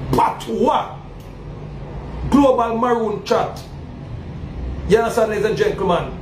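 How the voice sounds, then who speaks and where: Emphatic Jamaican man with very high voice. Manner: emphatic, asks the audience "you understand?". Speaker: self-styled Maroon chief. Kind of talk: preaching monologue. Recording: roomy echo with faint ambient noise.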